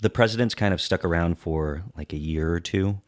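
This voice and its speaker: A man with a very low voice chatting on a film-history podcast. He muses aloud and keeps things easy with "like" and "you know". The sound is close and dry. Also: brisk, no echo. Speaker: podcast co-host. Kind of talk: casual film-history chat.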